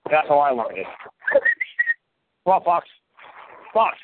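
A man's voice: on the high side, very animated, takes it slowly. A man in his fifties giving advice on a casual phone call, blunt, profane and emphatic. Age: 50s. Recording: tinny phone line with faint hiss.

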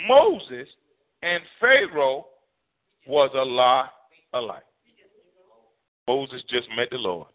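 Preaching man over a tinny phone line. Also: mid-range voice. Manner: animated preaching, voicing God and Moses in quotes. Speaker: pastor. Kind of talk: sermon.

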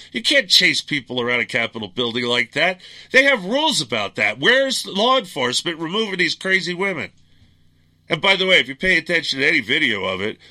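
A man's voice: a little high, sharp tone. A middle-aged man hosting a political talk radio show, ranting in a blunt, angry, combative monologue.

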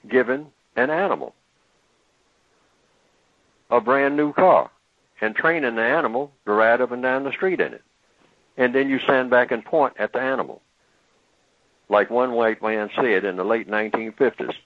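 A man's voice: mid-range voice, dry recording. A man lecturing in long, building analogies, played back from a recording. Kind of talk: lecture-style commentary. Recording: tinny phone-like archival recording.

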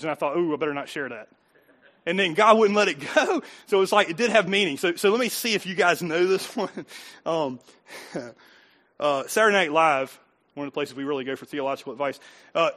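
Brief: middle-aged male pastor, high bright voice, chatty sermon with repeated refrains. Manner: conversational preaching, repeats phrases, jokes with the congregation.

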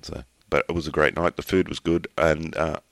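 A man's voice: rumbling low, flat delivery, normal speed, vocal fry, no room sound. An Australian man, a middle-aged podcast host, tells a rambling personal story in casual chat, restarting his sentences and swearing offhandedly.

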